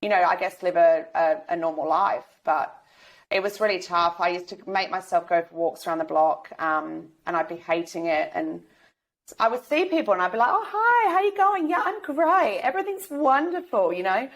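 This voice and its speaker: A woman's voice: fairly low pitch, moderate pace. A woman, talking openly as a podcast guest, rambling with many restarts and fillers. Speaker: guest sharing lived experience. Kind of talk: candid podcast interview.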